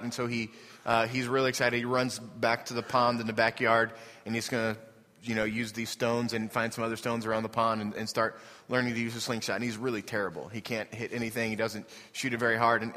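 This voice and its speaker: Male preacher, sermon, conversational, earnest, bright forceful voice, long hall reverb. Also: medium pitch. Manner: conversational, with many fillers and restarts, rising to earnest appeals. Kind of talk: sermon with storytelling.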